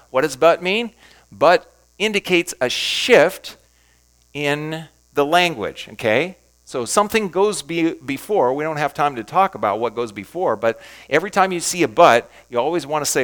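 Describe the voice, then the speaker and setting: A man's voice: on the high side, a bit bright. A man, a pastor, giving an emphatic teaching talk on reading scripture aloud, asking and answering his own questions.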